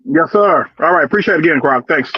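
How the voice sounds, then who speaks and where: Husky man on a muffled line. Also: on the high side, animated, quick pace, dry recording. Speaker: show guest. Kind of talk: casual remote interview.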